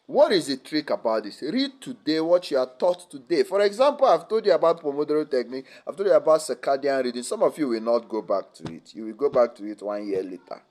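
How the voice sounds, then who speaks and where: A young man speaking at a student seminar, lively and teasing, often checking whether the audience follows. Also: mid-range voice. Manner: lively, teasing, asks the audience rhetorical questions. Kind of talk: motivational academic seminar talk.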